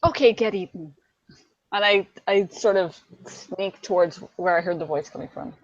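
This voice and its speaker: A woman's voice: lowish voice, fairly even intonation, moderate pace, no room sound. A woman playing a tabletop game, describing her actions plainly and matter-of-factly. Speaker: player. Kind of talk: casual tabletop play. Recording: dry, dull lo-fi mic.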